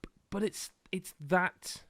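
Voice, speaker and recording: A man's voice: high-pitched, slow, no room sound. Rambling man on a podcast. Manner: rambling, animated, many restarts. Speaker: podcast co-host. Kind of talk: casual chat.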